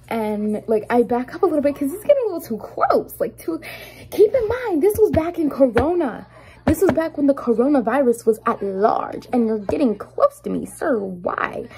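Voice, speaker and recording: A young adult woman talks casually to her viewers while doing her makeup at home. Her voice sits a little high but is warm and mellow. She tells her story in an animated, indignant way, full of fillers. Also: normal speed, poor audio. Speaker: vlogger.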